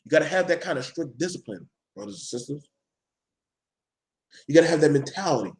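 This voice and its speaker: A vlogger with a voice that's high for a man rants live at his viewers, blunt, preachy and freely swearing as he hammers the same point over and over like a street-corner lecturer. He's animated and fairly quick, with a darkish tone.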